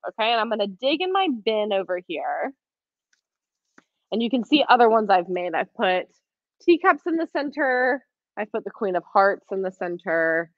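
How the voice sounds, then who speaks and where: A woman's voice: a little high, no room sound. A woman teaching a live online quilting class, chatty and encouraging, with frequent ums as she works and answers viewer questions. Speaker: quilting instructor. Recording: dry, slightly dull stream audio.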